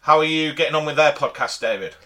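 Man, podcast cohost, teasing and jokey, bright tone. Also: a little high, quick pace. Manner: teasing and jokey, reading listener messages. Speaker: podcast co-host. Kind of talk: casual podcast chat.

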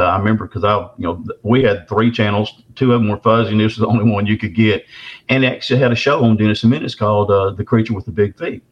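A man, telling a long story as an interview guest in a folksy, rambling way. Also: on the low side. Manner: drawn-out, folksy, frequent restarts. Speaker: interview guest recounting an encounter. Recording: dull lo-fi recording.

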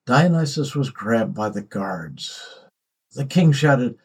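A man narrating a myth in a measured storytelling voice. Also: on the low side, darkish tone, slightly rough, faint music behind, poor audio.

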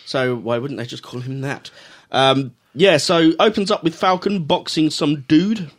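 A man's voice: on the high side, measured pace. A man co-hosting a podcast, explaining and critiquing an anime in a casual, opinionated chat. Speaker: podcast co-host.

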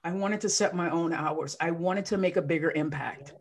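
Emotional, animated woman telling her story. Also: on the low side, moderate pace. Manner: emotional, animated storyteller who acts out quotes. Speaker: guest, life coach. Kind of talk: casual podcast interview.

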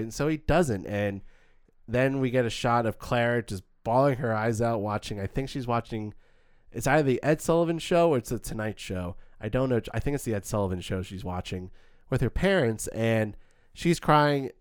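A man casually reviewing a film as a podcast co-host, animated and acting out quoted lines. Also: medium pitch, moderate pace, smooth, no room sound, clean studio sound.

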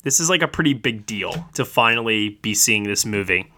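A man's voice: lowish voice, expressive, bright, forceful tone. A man hosting a casual film review podcast. He speaks with enthusiasm, often stumbling over his words and restarting. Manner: enthusiastic, halting with repeated restarts.

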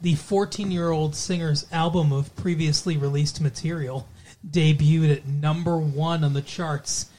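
A man's voice: a little high, steady tone, unhurried, dark tone. A man hosting a podcast, chatting casually and playfully with his co-host and joking around. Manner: jokey, playful, repeats intros in a mock radio-DJ voice.

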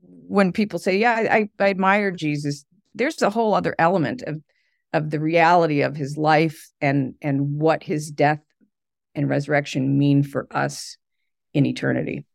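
A middle-aged woman, a podcast guest, telling animated stories and laughing often. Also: deep voice, moderate pace, creaky, dry recording, studio quality. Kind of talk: conversational interview.

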